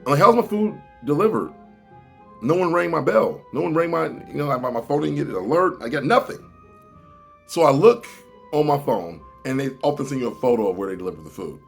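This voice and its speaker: Animated gravelly man telling a story. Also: medium pitch, a little fast, faint music behind. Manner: animated, exaggerated swings between loud and muttered. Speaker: vlogger. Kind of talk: comedic storytime vlog.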